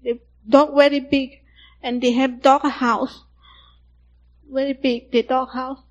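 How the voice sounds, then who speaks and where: A young woman from Thailand, giving personal testimony in halting, simple broken English. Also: high-pitched, flat delivery, dull audio.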